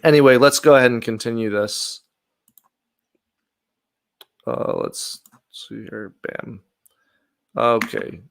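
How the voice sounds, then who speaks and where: A man's voice: mid-range voice, slow pace, gravelly, long pauses. A man hosting his own video, reacting to an old clip in a chatty, earnest way and thinking aloud as he goes. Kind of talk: casual commentary.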